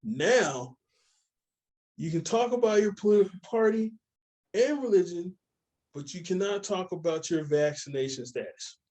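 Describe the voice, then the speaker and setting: A young man co-hosting a casual chat, telling stories with animated voices for the people he quotes. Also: high voice, moderate pace. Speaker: podcast co-host.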